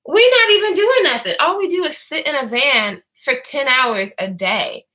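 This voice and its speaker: A woman's voice: high-pitched, expressive, normal speed, pushed and bright, low-quality recording. A woman vlogger telling a rambling story in casual talk, full of fillers and swearing.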